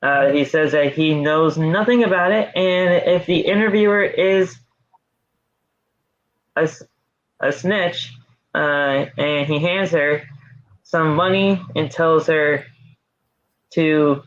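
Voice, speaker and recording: A man's voice: on the high side, slow, pauses often, fairly bright tone. Man recapping wrestling, muffled audio. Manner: rambling recap with fillers and restarts. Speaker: podcast host. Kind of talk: casual wrestling podcast chat.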